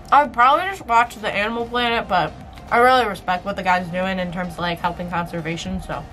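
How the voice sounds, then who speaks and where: A woman's voice: mid-range voice, bright, forceful tone, low-quality recording. A young woman vlogging in a casual, chatty way, with plenty of filler words and laughs. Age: young adult. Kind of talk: casual chat.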